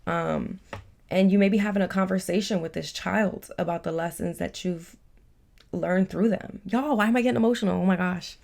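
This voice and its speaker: A woman giving a casual, chatty tarot reading, warm and emotional, with many fillers. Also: lowish voice, gravelly. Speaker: tarot reader.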